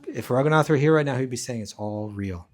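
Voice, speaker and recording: A man with a medium-pitched voice and a slightly fast delivery teaches scripture at a class in a rural eco village. As a spiritual teacher, he tells a story in a lively, informal way and does voices for the characters.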